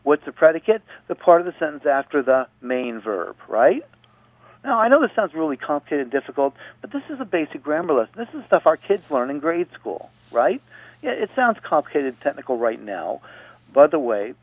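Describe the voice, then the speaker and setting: A man's voice: fairly high pitch, very animated, a little fast, dry recording. A male radio host patiently explaining grammar point by point, repeating himself to make sure listeners follow. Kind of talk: radio teaching talk. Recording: dry, phone-like radio audio.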